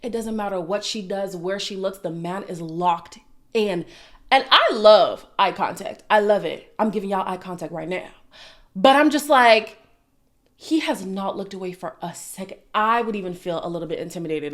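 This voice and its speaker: A woman's voice: medium pitch, lively intonation, normal speed, fairly bright tone. A woman talks straight into a desk mic, recapping reality TV in a loose, opinionated way. She is sassy and likes to say her point twice. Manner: sassy, opinionated, repeats lines for emphasis. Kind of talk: casual commentary.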